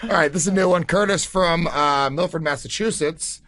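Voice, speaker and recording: A man's voice: fairly high pitch, moderate pace, fairly bright tone, dry recording. A man co-hosting a podcast, reading listener questions and ribbing the host in casual banter. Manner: laid-back, ribbing, reads questions aloud.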